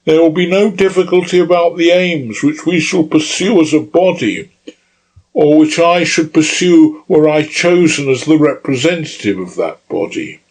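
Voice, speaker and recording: A man voicing an earnest idealistic male speaker, delivering a lofty, high-flown speech. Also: normal speed, a little mellow.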